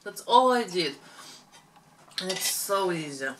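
A woman's voice: fairly low pitch, animated, slow, noisy background. A woman co-hosting a family eating show at home, chatting casually and explaining cooking tips between bites. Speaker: mukbang co-host.

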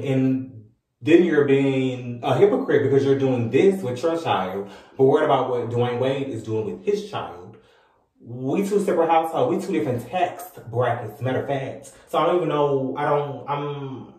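A man's voice: mid-range voice, darkish tone. A man vlogging to camera in a sassy, scolding rant, firing off rhetorical questions and repeating his jabs. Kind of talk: ranting commentary to camera. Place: room with a ring light and mirror. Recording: very echoey room, voice from a distance.

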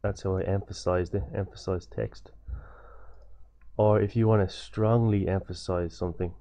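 A man's voice: deep voice, steady tone, normal speed, mellow, muffled recording. A young man giving a loose, repetitive coding tutorial over a screen recording, with many fillers and restarts.

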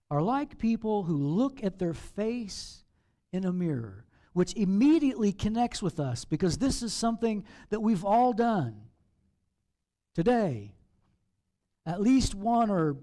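A man, a pastor, preaching a sermon in an animated, playful way with acted asides. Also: high-pitched, slow pace. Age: over 40.

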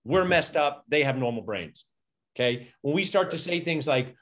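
A middle-aged man, a dentist, telling stories energetically and acting out quotes in a conversational interview. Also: moderate pace. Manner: energetic, acts out quotes with big pitch jumps. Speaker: dentist and podcast guest. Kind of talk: animated storytelling conversation.

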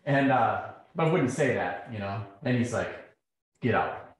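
A man's voice: medium pitch, moderate pace. A middle-aged man giving a public talk, telling stories and acting out the exchanges in them. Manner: animated, acts out quoted exchanges. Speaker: speaker. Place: lecture hall. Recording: very echoey hall.

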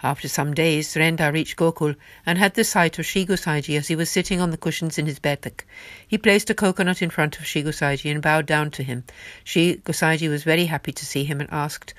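A woman reading devotional stories aloud in a slow, careful manner. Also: deep voice, a bit bright, no room sound. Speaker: devotional story reader.

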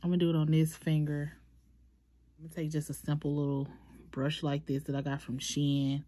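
Low-voiced woman doing a casual nail tutorial. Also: monotone, fairly quick, dark tone, dry recording. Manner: chatty, addresses viewers as y'all.

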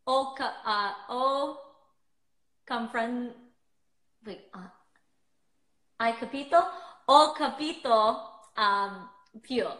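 A woman's voice: a little high, sharp tone, roomy sound, rough recording. A woman in her twenties hosting a casual livestream chat from her phone, bubbly and chatty, laughing often. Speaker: host of a livestream.

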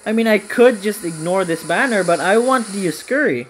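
A woman's voice: mid-range voice, lively intonation, moderate pace, poor audio. A woman hosting a gaming video, giving casual commentary on her game pulls in an anxious, pleading, dramatic way.

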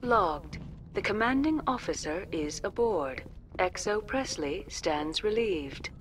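A woman's voice: medium pitch, animated, slow, slight background noise. An actress voicing a formal female starship intercom announcer in a video game.

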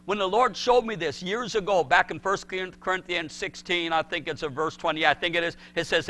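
A man's voice: high voice, moderate pace, hardly any pauses, pushed and bright. A male pastor preaching a sermon, emphatic and repetitive, acting out the voices he quotes.

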